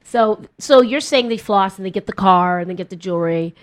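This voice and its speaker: A woman's voice: mid-range voice, fairly quick. Chatty upbeat woman host. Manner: chatty, upbeat, lively questions. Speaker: podcast host. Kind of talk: casual interview chat.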